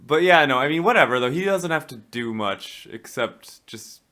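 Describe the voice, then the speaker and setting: Bright sharp voiced guy cracking jokes about a movie, relaxed podcast chat. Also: mid-range voice, normal speed. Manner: jokey, laid-back, playful. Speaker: podcast co-host. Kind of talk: casual film discussion.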